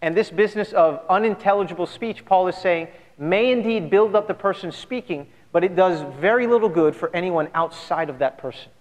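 A man's voice: high-pitched, a little fast, few pauses. A man pastor giving an earnest, conversational sermon full of rhetorical questions to his church. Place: church sanctuary. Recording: long church hall reverb.

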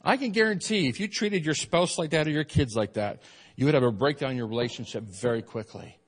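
A middle-aged man preaching a sermon as pastor, conversational and animated, asking his congregation questions and laughing often. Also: fairly high pitch, a little fast, husky, long reverb tail. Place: church.

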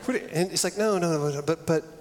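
A man's voice: a little high, fast talker, a little mellow. A middle-aged man preaching a sermon, earnest and conversational, often restarting his phrases. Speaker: pastor. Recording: long reverb of a large hall.

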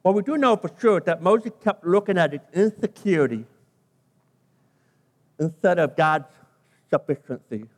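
A man's voice: high-pitched, lively intonation, normal speed, long pauses, big-room sound. A British man, a pastor, preaching a sermon, emphatic and stressing key phrases by repeating and stretching them.

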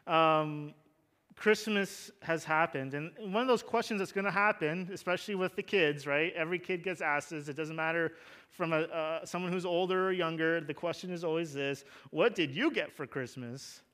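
A man's voice: a little high, steady tone, moderate pace, sharp tone, smooth. Conversational male pastor preaching a sermon. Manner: conversational, jokey asides, rising to fervent emphasis.

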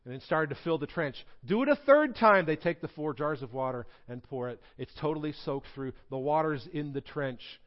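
A man's voice: medium pitch, steady tone, normal speed, hardly any pauses, dull audio. A male pastor preaching a sermon in a church, reading scripture dramatically with humorous asides. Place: church sanctuary.

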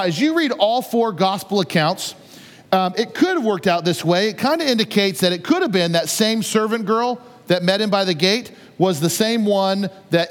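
A male pastor preaching a sermon in a conversational, storytelling way, acting out the scenes. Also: high-pitched. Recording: long reverb of a large hall.

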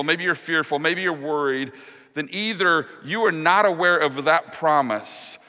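A man preaching a sermon as pastor, earnest, dropping to a hushed, slow voice on the key promises. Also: fairly high pitch. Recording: long reverb of a large hall.

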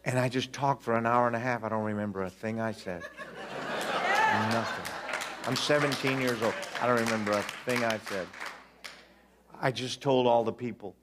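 A man in his sixties preaching a storytelling sermon, animated and acting out the dialogue while joking with the congregation. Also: medium pitch, moderate pace, long pauses, a faint crowd, slight background noise.

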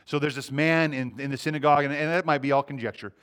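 A man preaching a sermon as pastor, earnest, letting his sentences fall to a quiet hush. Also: on the high side, fairly even intonation, fast. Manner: earnest, often dropping to a quiet hush at phrase ends; repeats words as he restarts.

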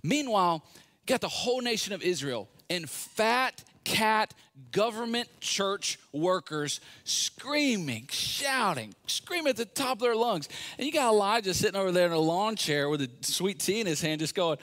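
A man preaching a sermon, his voice sitting a little high for a man. He tells the story with a lively, sarcastic edge, acting out the characters' lines as he goes. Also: moderate pace. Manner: animated, sarcastic storytelling with acted-out quotes. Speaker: pastor.

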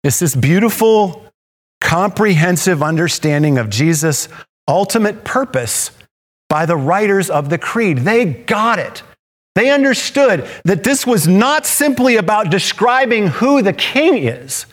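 A male pastor preaching a sermon, animated and playful, with self-deprecating asides. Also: sits high, measured pace.

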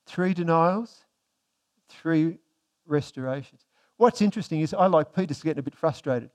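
Conversational male preacher. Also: on the high side. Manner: conversational, reads scripture slowly and softly. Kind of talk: sermon.

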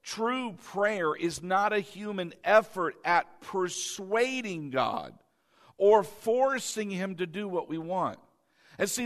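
A high-pitched man delivers a sermon from the pulpit. He drives his points home by repeating short phrases and having the congregation echo them back. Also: a bit bright. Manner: emphatic preaching, repeating key phrases for the congregation. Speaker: pastor.

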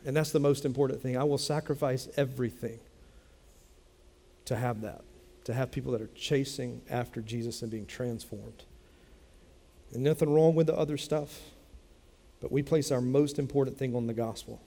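A man's voice: mid-range voice, steady tone, moderate pace, long pauses, mellow. Conversational man preaching in a reverberant hall. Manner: conversational preaching with repeated phrases and asides. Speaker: pastor. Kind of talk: sermon. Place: church sanctuary.

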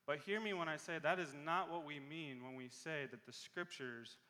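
A man preaching a sermon as pastor in a church, earnest and repeating key phrases slowly for emphasis. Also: on the high side, sharp tone, long reverb tail. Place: church sanctuary.

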